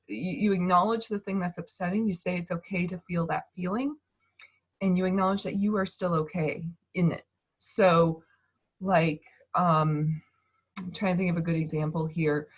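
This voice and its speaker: A woman giving a casual teaching talk on emotions over a video call, speaking gently with frequent restarts and fillers. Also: lowish voice, slightly rough. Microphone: video call mic.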